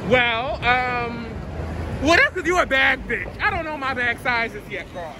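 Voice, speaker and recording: A man's voice: extremely high pitch, lively intonation, a little slow, background noise. A man vlogging casually to a handheld camera at a train station, sassy, playful and full of swearing. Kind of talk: casual vlog chat to camera.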